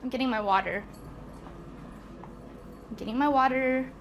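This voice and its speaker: A woman's voice: sits high, normal speed, slight background noise. A young woman live-streaming from home in a casual, scatterbrained and giggly way. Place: at home by a walking pad.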